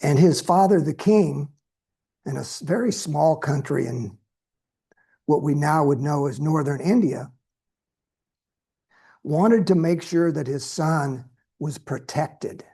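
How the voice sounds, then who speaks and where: A man giving a dharma talk as a Buddhist teacher, telling a story in a slow, measured way with pauses. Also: on the high side, vocal fry, warm tone, husky.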